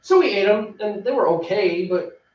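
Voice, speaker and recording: A man with a high-pitched, lively voice speaks at a normal speed while co-hosting a homebrewing show, chatting casually as they brew and laughing often. The recording sounds roomy, distant and dull, with faint noise in the background.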